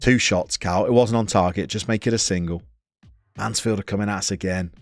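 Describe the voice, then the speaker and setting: A low-voiced man chats through a live game stream, reading out messages from his viewers. His delivery is playful and conversational, with sudden excited outbursts at the game. The sound is dry and close, with faint music underneath. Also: brisk, dry recording. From England.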